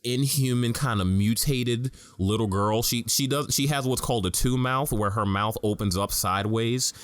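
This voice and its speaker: A man's voice: medium pitch, moderate pace, no room sound. A young man co-hosting a casual podcast, talking frankly in a rambling way and often correcting himself mid-sentence. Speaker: podcast co-host.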